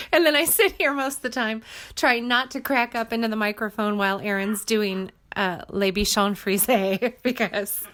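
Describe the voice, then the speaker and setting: A woman's voice: a little high, moderate pace, a bit bright. A woman, a cast member on an audio drama podcast, chatting casually, laughing and joking at her own expense. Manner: chatty and giggly, self-deprecating. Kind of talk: casual chat.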